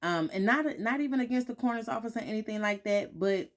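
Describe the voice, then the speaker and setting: Fast and animated, with a fairly high pitch, a woman vlogs from home in the morning. She speaks candidly and reflectively to her followers, often repeating herself and tossing in "right?" to check in.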